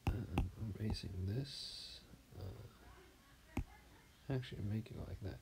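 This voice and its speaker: A tired man with something in his throat, mumbling softly and half-whispering as he comments on his drawing. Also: fairly low pitch, slow, creaky, very noisy. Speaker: artist streaming his drawing. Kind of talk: casual commentary while drawing.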